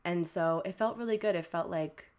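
A woman's voice: fairly low pitch, normal speed, a little mellow. A young woman co-hosting a podcast, telling a family story in a casual, chatty way, full of "like" fillers and acted-out quotes. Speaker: podcast co-host.

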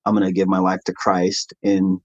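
A man as an interview guest, telling his own story earnestly in a conversational way and getting animated when he quotes others. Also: deep voice, moderate pace, no room sound, lo-fi sound.

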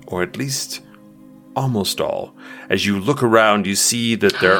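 A low-voiced man runs a tabletop game, narrating scenes at a slow pace. He often restarts phrases as he builds each description, with faint music underneath. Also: a bit bright. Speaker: game master.

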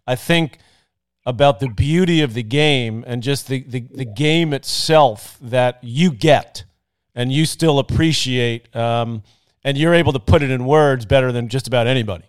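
A man's voice: mid-range voice, normal speed, clear, resonant tone. A man from New York hosting a podcast, telling stories and reminiscing in a casual interview. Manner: storytelling, reminiscing. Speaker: podcast host.

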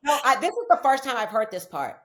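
A woman's voice: high-pitched, sing-song, quick pace, a loud crowd. A woman hosting a podcast, speaking emphatically and turning to address her audience. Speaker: podcast host. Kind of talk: conversational interview.

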